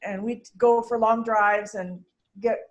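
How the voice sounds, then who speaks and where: Emotional woman speaking softly at a eulogy. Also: fairly high pitch, fairly even intonation, low-quality recording. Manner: soft, hesitant, with trailing pauses. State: emotional, holding back tears. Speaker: daughter speaking at mother's online funeral. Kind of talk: unprepared personal eulogy over video call. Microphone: video call.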